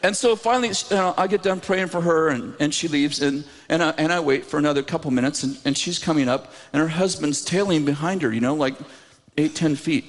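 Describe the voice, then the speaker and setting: Man preacher, animated self-mocking storyteller, high bouncing voice, church hall reverb. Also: a little fast, hardly any pauses. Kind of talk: sermon storytelling. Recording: reverberant hall with faint noise.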